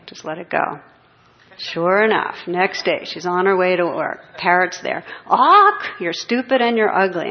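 Woman meditation teacher, lowish voice, gentle pacing, dull muffled recording. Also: gravelly. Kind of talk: spiritual talk.

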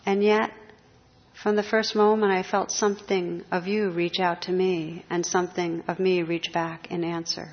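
A woman's voice: on the low side, flat delivery, normal speed, long reverb tail. A woman reading the part of a devoted young knight in earnest, courtly speech, on a slightly dull recording. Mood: ardent.

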